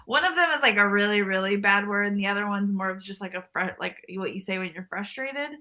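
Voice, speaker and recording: Bright-voiced woman telling a rambling story. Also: medium pitch, lively intonation, fast, soft background music. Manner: rambling storyteller, many fillers and restarts. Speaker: podcast guest. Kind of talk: casual chat.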